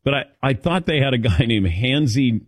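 A middle-aged man from the Midwest hosting a sports radio show, telling stories with animated, laughing delivery. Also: mid-range voice, moderate pace, no echo. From American Midwest. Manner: lively storytelling with laughs. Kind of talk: casual sports radio banter.

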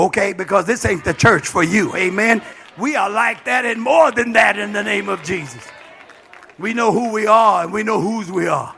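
A man's voice: sits high, normal speed, vocal fry, sharp tone. A man, a bishop, preaching a sermon with passion, dropping frequent amens and calling out to the congregation. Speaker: bishop and pastor.

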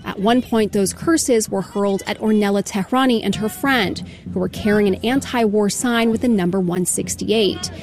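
A woman reading a scripted news report as a reporter, with steady, vivid storytelling. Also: medium pitch, moderate pace, hardly any pauses.

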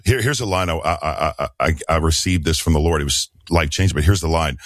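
A man's voice: low voice, quick pace, few pauses, dry recording. A man speaking as a radio guest pastor, earnest and emphatic, often repeating words as he builds a point. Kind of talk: radio interview, preaching tone.

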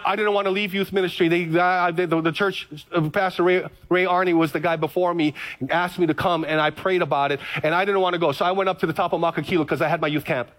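A man's voice: high voice, fairly even intonation, fast, fairly bright tone. A middle-aged man preaching a conversational radio sermon, telling stories with lots of repetition. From Hawaii. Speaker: pastor.

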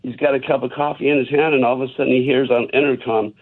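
A man's voice: medium pitch, steady tone, quick pace, breathy edge. A man calling in to a radio show and telling a joke, chuckling as he goes. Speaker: caller. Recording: tinny phone line.

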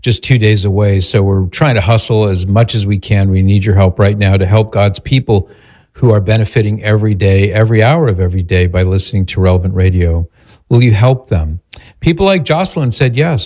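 A man hosting a radio talk show, thanking donors by name and calmly explaining listeners' questions. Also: lowish voice.

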